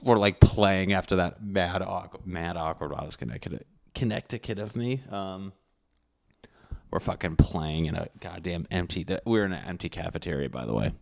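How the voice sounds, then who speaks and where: Low-voiced young guy podcasting, swears a lot, rambly and makes fun of himself. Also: moderate pace, vocal fry, a little mellow. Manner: profane, rambling, self-mocking. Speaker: podcast host. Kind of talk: casual storytelling monologue.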